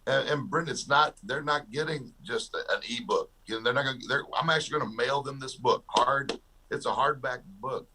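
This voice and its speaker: Speaking briskly in a husky, sharp-toned voice of medium pitch, a guest author and success coach tells jokey stories with a laugh during an interview.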